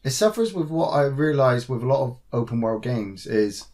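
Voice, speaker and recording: A man's voice: mid-range voice, normal speed. A man co-hosting a podcast in casual chat, swearing freely and acting out game characters as he retells what happened. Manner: swears a lot, acts out characters in animated retellings. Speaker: podcast co-host.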